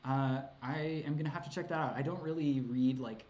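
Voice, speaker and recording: A man's voice: medium pitch, brisk, darkish tone, highs cut off. A man answering chat questions on a casual livestream, rambling and hesitant with many ums and likes, laughing often and swearing casually.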